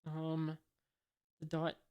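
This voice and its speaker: A woman with a low, smooth, clear voice reads a comic aloud at an unhurried pace. Her delivery stays casual and hesitant, with many filler pauses as she describes the panels and sound effects. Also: monotone, mellow. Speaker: reader of a comic. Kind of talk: casual comic read-along.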